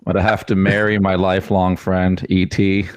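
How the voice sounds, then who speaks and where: A man with a somewhat low voice jokes his way through a podcast chat, often stopping and restarting. The recording is dry and close. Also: completely flat delivery, clear, resonant tone, no room sound. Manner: halting, jokey. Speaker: podcast co-host. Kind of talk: casual chat.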